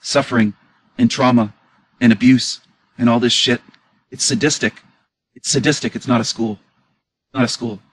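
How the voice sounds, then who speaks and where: A man with a husky, slightly rough voice talks back at clips in an emotional reaction commentary. He sounds indignant, pressing the same questions again and again. His pitch sits right in the middle. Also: level tone, moderate pace, pauses often, no room sound, low-quality recording.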